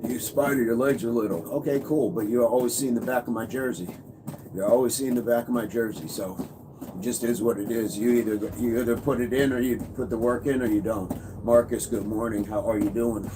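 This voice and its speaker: A man's voice: mid-range voice, fairly even intonation, a little fast. A man coaching fitness on a casual livestream, upbeat, reading and answering viewer comments. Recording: noisy background.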